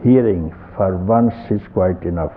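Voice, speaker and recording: Slow older Indian man, tinny tape. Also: low voice, slight background noise. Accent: Indian English. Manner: slow, repetitive, gently chuckling. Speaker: spiritual teacher. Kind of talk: satsang talk.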